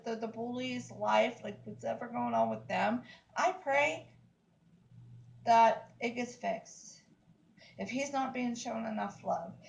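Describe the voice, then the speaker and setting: In a casual vlog, a woman in her 30s rants to camera, upset, emphatic and repetitive, saying "like, seriously" a lot. Her voice is a little high and creaky, and the audio is poor.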